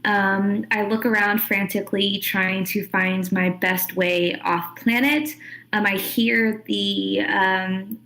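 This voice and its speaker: Female player, mid pitch, slow and deliberate, narrates her character's moves. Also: fairly even intonation, fairly bright tone, poor audio. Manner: describes her character's actions in first person. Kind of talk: playing her character in a tabletop role-playing game.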